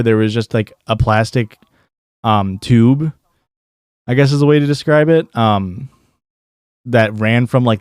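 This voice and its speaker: A man's voice: medium pitch, no room sound, clean studio sound. A male streamer telling a long story in a casual, rambling way, with plenty of swearing and filler words. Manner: rambling, profane, lots of likes and restarts.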